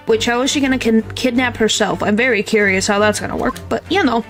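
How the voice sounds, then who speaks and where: A woman's voice: a little high, fast, few pauses, a bit bright. A young woman streamer chatting casually about a game, giggly and self-deprecating as she stumbles over names. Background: faint game music.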